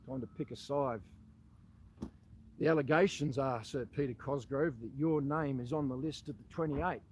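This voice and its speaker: A man's voice: mid-range voice, moderate pace, darkish tone, a little hiss or hum, low-quality recording. A man with an Australian accent, a former army soldier, making a direct-to-camera appeal that confronts the listener and keeps calling him "mate".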